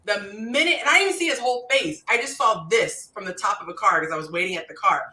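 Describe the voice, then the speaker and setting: A woman's voice: mid-range voice, quick pace, bright, forceful tone, reverberant, far from the mic, low-quality recording. A middle-aged woman hosting a casual panel chat, laughing often and acting out her own reactions. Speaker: host.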